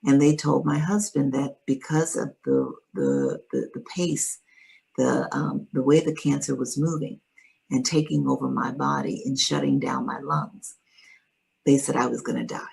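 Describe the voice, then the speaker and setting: A woman with a low, husky voice tells a personal story in conversation. Her tone carries some gravel, and she speaks in an earnest, measured way, pausing to gather her words. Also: a little mellow, poor audio. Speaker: guest sharing her story.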